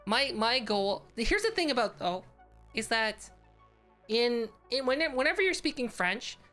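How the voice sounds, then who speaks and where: A woman's voice: a little high, very animated, a little slow, fairly bright tone, soft background music. A woman VTuber streamer chatting casually and playfully with her chat, giggling and reading names aloud.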